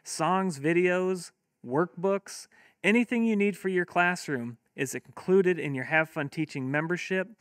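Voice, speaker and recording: A man walking teachers through a syllables worksheet, sounding out each word slowly, then pitching a membership. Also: no echo, clean studio sound. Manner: slow, sounds words out in syllables; upbeat promotional pitch. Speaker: teacher resource presenter.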